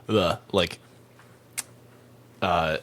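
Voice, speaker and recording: A man's voice: low-pitched, steady tone, drawn-out words, fairly bright tone. A man from Chicago co-hosting a film podcast, talking in a rambling way full of "like" fillers. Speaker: podcast co-host. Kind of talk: casual film review chat.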